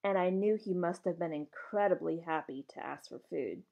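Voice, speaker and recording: A woman reading a novel aloud in steady first-person narration, with casual asides to her listeners. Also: fairly low pitch, normal speed, creaky, highs cut off. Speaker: reader.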